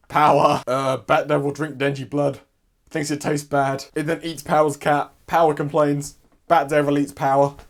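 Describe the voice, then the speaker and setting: Rambling young man recapping a story. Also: fairly high pitch. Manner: rambling, sweary, excitable asides. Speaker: YouTuber.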